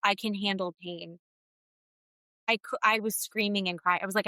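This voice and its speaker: A woman's voice: medium pitch, fairly even intonation, normal speed, sharp tone, dry recording, poor audio. A woman podcast co-host, casually telling a personal story and acting out quoted dialogue. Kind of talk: casual chat.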